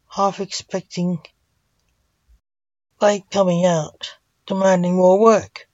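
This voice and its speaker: A woman reading a fantasy story aloud in a plain, unhurried way, on a dull recording. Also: fairly low pitch, steady tone, warm tone, dry recording. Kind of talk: reading her own fan story aloud.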